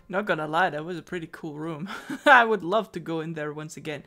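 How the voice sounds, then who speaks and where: A woman's voice: sits low, moderate pace, bright, forceful tone, faint music behind. A woman who is not a native English speaker, giving giggly, joking commentary while playing a story game. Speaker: game streamer.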